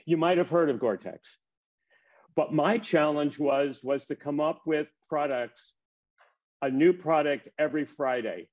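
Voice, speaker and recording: Older man telling lively stories, lo-fi. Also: a little high. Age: 70s. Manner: lively anecdotal delivery, acting out dialogue. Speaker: keynote speaker. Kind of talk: storytelling talk. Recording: dull lo-fi sound.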